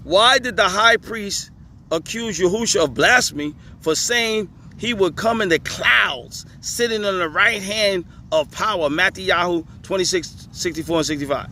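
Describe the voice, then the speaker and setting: Man, outdoor commentary, reads questions aloud, laughs often, slightly higher voice, faint street noise. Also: measured pace, sharp tone. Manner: laughing, emphatic, talks back to the page. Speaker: religious commentator. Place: outdoors on a hot day, traffic nearby.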